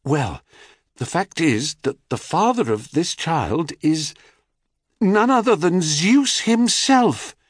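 A man's voice: fairly high pitch, big pitch swings, slow pace, no echo, pitched above the performer's own voice, exaggerated voice. A polite, trusting young woman, as a male narrator puts her on, her voice lifted well above his own. She speaks shyly and earnestly. The recording is dry and close. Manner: polite, hesitant.

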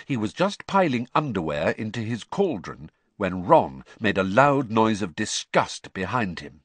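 A man reading an audiobook narration in an expressive storytelling manner. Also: lowish voice, a little slow, few pauses, no room sound.

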